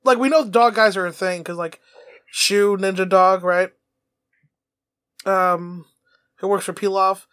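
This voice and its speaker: A high-voiced man co-hosting a comedy podcast, excitable and quick to laugh as he swears his way through a cartoon recap. The sound is dry and close, with no room echo. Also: smooth. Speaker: podcast co-host. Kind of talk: casual comedic chat.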